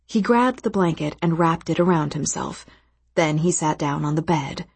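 A woman reading a novel aloud in steady, scripted narration. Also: low voice, normal speed, vocal fry, husky, no room sound. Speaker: audiobook narrator.

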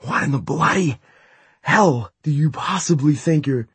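A man's voice: mid-range voice, animated, normal speed, breathy edge, no room sound, voice pushed up. A man voicing a ruthless, contemptuous young man in an audiobook, snarling and hissing his words. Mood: sneering.

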